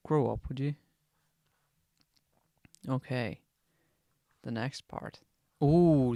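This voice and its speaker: Flat-voiced, swearing young man podcasting. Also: mid-range voice, clear, resonant tone, dry recording, clean studio sound. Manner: swears constantly, chatty and digressive. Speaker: podcast host. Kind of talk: casual rambling podcast monologue.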